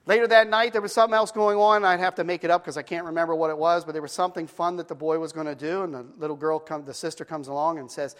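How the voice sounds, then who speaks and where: A man preaching a sermon, telling a story and acting out the characters' lines in a soft, hushed voice. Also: fairly high pitch, quick pace, hardly any pauses, big-room sound. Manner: animated storyteller, acting out voices, drops to hushed tones for quotes. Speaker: pastor.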